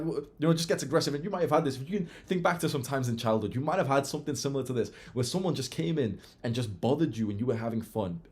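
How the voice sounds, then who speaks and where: A young man giving a casual self-improvement monologue, blunt and animated, swearing freely. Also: mid-range voice.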